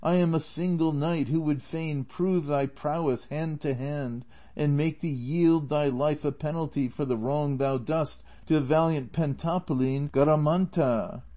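A grandiose, deluded old knight declaims in stiff archaic speech, as a male audiobook narrator puts him on. The tone stays mellow and the delivery is heavy with self-importance. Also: on the high side, steady tone, a little slow, few pauses, natural voice. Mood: battle cry.

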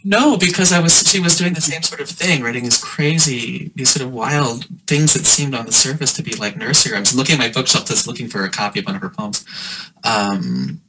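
A man's voice: medium pitch, animated, sharp tone, poor audio. A man, a poet and editor, chatting with restarts and reading a poem aloud on a video call. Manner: halting, self-deprecating, with restarts. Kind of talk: casual chat and poetry reading. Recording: video call with noticeable background noise.

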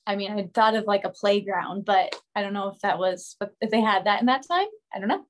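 A woman's voice: mid-range voice, brisk. A woman acting student thinking aloud and tentatively guessing at the meaning of old words.

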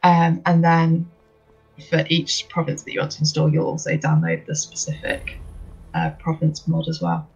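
A husky-voiced host reads viewer questions and explains answers in a rambling, filler-heavy way. The audio is dull and lo-fi, with faint music behind. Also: mid-range voice, sing-song, normal speed. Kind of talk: casual stream Q&A.

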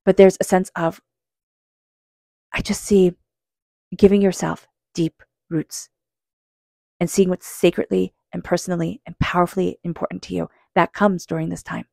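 Female tarot reader, low-pitched and dry-sounding, earnest and calm, addresses the listener directly. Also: normal speed, creaky, pauses often, dry recording. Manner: earnest, speaks straight to the listener. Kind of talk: psychic tarot reading.

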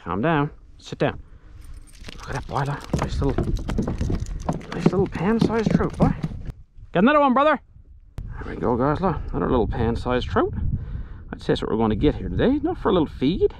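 A man on a pond in a kayak, giving casual running commentary while fishing and calling excitedly to his dog and his viewers. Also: on the high side, brisk, long pauses, background noise. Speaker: outdoors vlogger.

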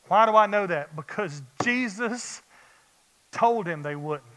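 High, bright preacher. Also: male voice, slow pace, pauses often. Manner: animated, rhetorical questions to the congregation. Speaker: pastor. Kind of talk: sermon. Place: church sanctuary. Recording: long church-hall reverb.

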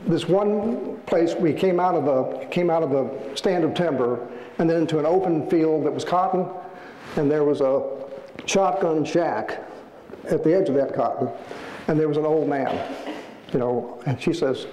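A man, an author, giving a storytelling lecture in an animated way, acting out the people in his stories. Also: fairly high pitch, normal speed. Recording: echoey hall, faint ambience.

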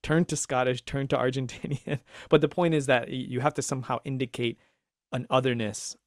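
A man co-hosting a casual podcast discussion, talking in an animated, rambling way with restarts and laughs. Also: medium pitch, fairly quick, no echo, clean studio sound. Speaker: podcast co-host.

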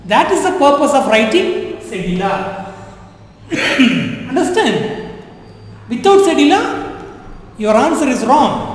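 Slow, echoey male French teacher. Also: very high-pitched. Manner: repetitive, drilling, asks "understand?". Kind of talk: classroom-style language lesson. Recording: echoey room with long reverb.

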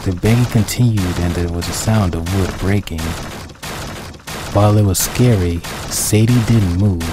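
Deep-voiced man narrating a dark story. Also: background noise. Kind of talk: reading his own dark fan story aloud.

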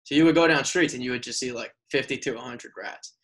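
A man's voice: mid-range voice, fast talker, a bit bright. A man co-hosting a podcast in casual chat, firing off dry, teasing quips. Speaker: podcast co-host.

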